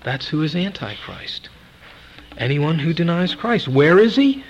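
A man preaching a sermon at a church service, emphatic and repeating key words, swinging between loud and soft. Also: a little high, big pitch swings, measured pace, lo-fi sound, a little hiss or hum.

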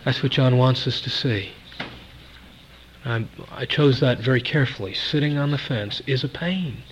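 A man's voice: mid-range voice, moderate pace, a little hiss or hum. Emphatic preacher, a man, on lo-fi tape. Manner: emphatic, repeats key words, swings between loud and soft. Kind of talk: sermon.

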